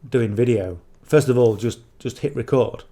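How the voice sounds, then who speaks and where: A dark-toned male voice of medium pitch moves along at an ordinary speed. It belongs to a middle-aged affiliate marketing coach from the north of England, rambling casually to camera and punctuating his coaching with "you know" and "okay?"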